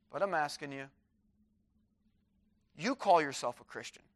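High, bright-voiced male preacher. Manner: preaching fervently, reading scripture aloud. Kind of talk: sermon. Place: chapel.

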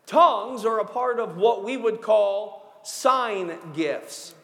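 A man preaching a sermon as pastor of his church, emphatic and methodical, laying out numbered points and slowing down to stress key words. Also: sits high, a bit bright, long reverb tail. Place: church sanctuary.

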